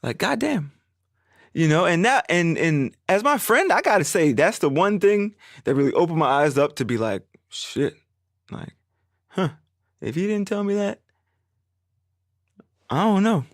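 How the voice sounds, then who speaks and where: A young man hosting a podcast alone, telling a story in a rambling, animated way, swearing often and acting out what his friends said. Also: sits high, moderate pace, long pauses, no room sound, studio quality. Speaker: podcast host. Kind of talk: casual solo podcast storytelling.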